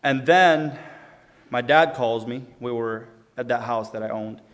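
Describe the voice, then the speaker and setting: This young man from Ukraine talks a little slowly in a medium-pitched, slightly bright voice. Giving his testimony in an earnest, casual manner, he often restarts and voices the dialogue as if acting it.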